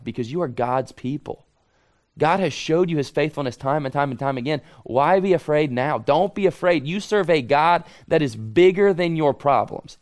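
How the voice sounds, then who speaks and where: Male pastor mid-sermon, earnest and emphatic, repeats lines for weight, voice on the higher side.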